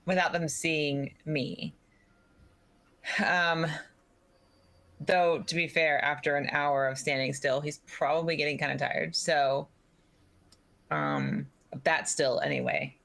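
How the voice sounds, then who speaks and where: Hesitant, bright-voiced game player. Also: mid-range voice, animated, takes it slowly, long pauses. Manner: hesitant, thinking out loud. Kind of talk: casual chat.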